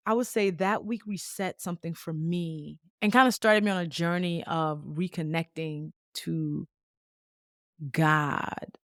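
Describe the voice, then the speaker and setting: A woman in her late thirties, hosting a podcast, tells a personal story in a lively, conversational way with casual slang. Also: lowish voice, no echo, studio quality. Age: late 30s. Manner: lively, conversational, acts out quoted dialogue. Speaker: podcast host.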